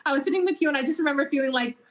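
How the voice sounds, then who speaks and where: A woman guest on a podcast, telling her life story in a casual, animated way with lots of "like" and "you know.". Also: very fast. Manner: animated storytelling, lively rises in pitch when excited; conversational, many fillers like "like" and "you know". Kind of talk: casual testimony in a podcast interview.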